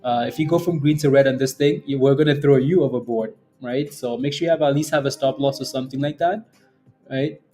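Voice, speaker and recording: A man's voice: medium pitch, a little fast, dark tone, faint music behind. A man hosting a live day-trading stream, hyped and cheering, laughing often as he talks through charts. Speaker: day trading livestream host.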